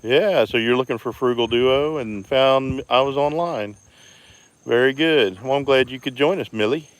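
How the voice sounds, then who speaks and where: The recording is dry as the homestead vlogger talks at a moderate pace in a medium-pitched voice. Wandering his property outdoors with phone in hand on a live stream, he's laid-back and chatty, greeting viewers by name.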